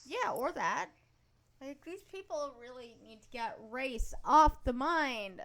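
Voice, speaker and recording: A slightly high-voiced woman runs a casual podcast chat. She talks bluntly and sarcastically and swears freely. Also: expressive, takes it slowly, a bit bright. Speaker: podcast host.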